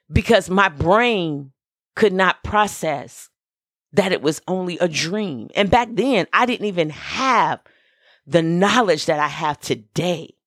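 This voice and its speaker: Slow, emphatic woman minister on a podcast. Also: fairly low pitch, a bit bright, dry recording, studio quality. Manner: emphatic, repeats key phrases, gives direct instructions. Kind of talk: motivational podcast talk.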